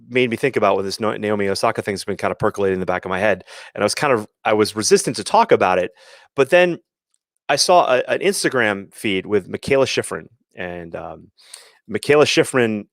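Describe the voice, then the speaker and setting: Lowish-voiced man, rambling live talk. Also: no room sound, clean studio sound. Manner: rambling, many restarts and acted-out quotes. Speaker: host of a sports parenting show. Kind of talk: casual live-stream talk.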